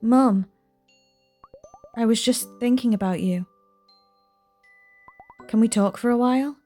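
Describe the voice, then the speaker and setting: A woman voicing a gentle, earnest grown daughter, reading game dialogue aloud. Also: on the high side, slow, faint music behind.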